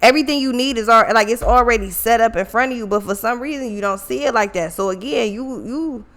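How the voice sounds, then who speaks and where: A woman's voice: on the high side, fast talker, fairly bright tone. A woman giving a casual tarot reading, blunt and swearing freely, repeating points for emphasis, with features. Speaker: tarot reader.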